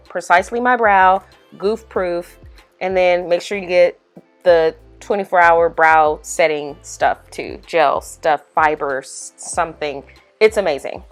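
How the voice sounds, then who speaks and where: A young woman chatting casually as a makeup vlogger, animated and full of "y'all" and "like.". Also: on the low side. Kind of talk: casual voice-over chat. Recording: faint music underneath.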